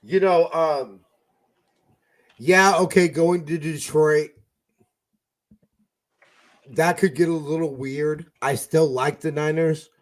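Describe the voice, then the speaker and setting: This is a man co-hosting a casual fan podcast, his voice sitting a little high for a man. He talks fast and profanely, with sudden loud outbursts between quieter muttering. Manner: profane, excitable, swings loud and soft. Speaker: podcast co-host. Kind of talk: casual sports fan chat.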